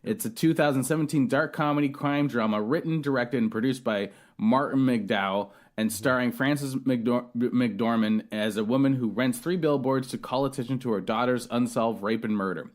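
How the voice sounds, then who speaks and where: A man's voice: mid-range voice, normal speed, few pauses. A man hosting a podcast, reviewing a film in casual chat, rambling and swearing with many restarts. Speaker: podcast host.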